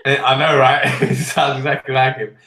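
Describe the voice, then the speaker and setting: A man's voice: medium pitch, flat delivery, normal speed, bright, forceful tone, reverberant, distant mic, poor audio. A man co-hosting a geek podcast, ranting sarcastically in casual chat. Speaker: podcast co-host.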